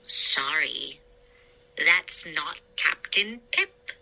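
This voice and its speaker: A woman voicing a gruff, menacing male pirate captain who talks in low growls. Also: expressive, drawn-out words, pushed and bright, heavily acted, low-quality recording.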